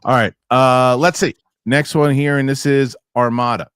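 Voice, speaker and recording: A man hosting a casual podcast chat, telling lively anecdotes and acting out what other people said. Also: medium pitch, normal speed, clean tone, no echo. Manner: animated storyteller acting out quotes. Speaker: podcast host.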